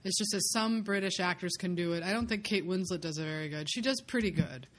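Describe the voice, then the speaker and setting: A woman talks in a lively, playful way, chatting casually with friends about acting. She laughs easily and keeps the conversation moving. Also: on the low side, fast. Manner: animated, laughs often, playful.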